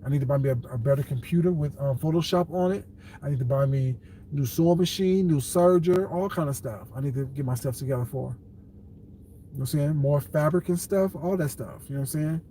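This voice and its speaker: A man's voice: a little high, fairly quick, dark tone, slight background noise. A man hosting a casual livestream, answering his viewers' comments in a blunt, dismissive way and calling them baby. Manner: laughs often, talks back to chat.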